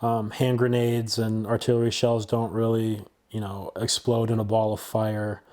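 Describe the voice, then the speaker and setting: A man in his twenties, the host of a channel, giving a blunt, opinionated and somewhat halting casual film review. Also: on the low side, little pitch movement, dark tone.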